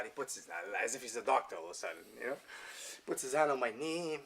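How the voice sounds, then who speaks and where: A jiu-jitsu gym owner telling a story in a casual interview. His pitch swings widely and he swears and laughs freely. His voice sits at an ordinary middle pitch for a man. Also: sing-song, brisk.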